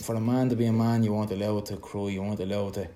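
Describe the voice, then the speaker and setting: An Irish man speaking reflectively in a conversation, halting and repeating words as he searches for them. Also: lowish voice, little pitch movement, mellow. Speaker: son in a conversation.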